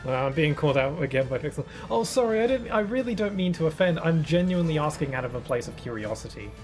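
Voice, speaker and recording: A man's voice: on the high side, animated, fast talker, faint music behind. A British man who streams games, chatting casually with his viewers in a rambling way, restarting his sentences often. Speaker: game streamer. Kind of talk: casual live-stream chat while gaming.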